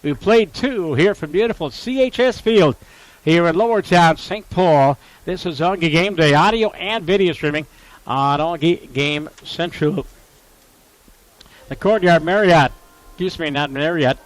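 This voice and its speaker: A man calling a college baseball game play-by-play, with a voice that sits a little higher than most. He runs through counts, lineups and sponsor reads in a steady, informative way. When the big plays come, his voice jumps up with excitement. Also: unhurried, rough recording. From Upper Midwest US. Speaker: play-by-play announcer.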